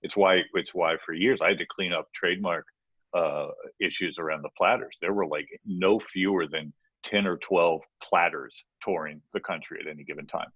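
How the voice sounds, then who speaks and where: A deep-voiced man co-hosting a casual podcast, talking through music business advice in a loose, rambling, playful way. His audio is dry and slightly dull, like a home remote recording. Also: steady tone, normal speed, slightly rough, no room sound. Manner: rambling, playful, restarts often.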